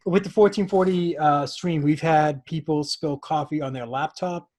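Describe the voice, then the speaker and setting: A man's voice: on the high side, fairly even intonation, moderate pace, a little mellow. An American man hosting a casual video call chat, joking and upbeat. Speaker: stream host.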